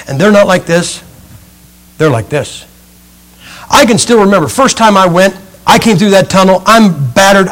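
A middle-aged male pastor telling a story from the pulpit, animated and acting out the scenes as he goes. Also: high-pitched. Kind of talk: sermon illustration, storytelling. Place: church, speaking from a pulpit.

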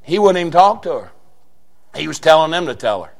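Man, pastor, sermon, folksy storytelling, shouting bursts, high-pitched. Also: big pitch swings, fairly quick, creaky. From southeastern Indiana.

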